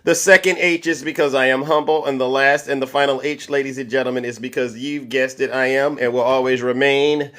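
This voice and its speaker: A man's voice: medium pitch, fairly even intonation, fairly quick, hardly any pauses, fairly bright tone. A man hosting a political commentary livestream, boastful and showy, with catchphrases. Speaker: livestream host.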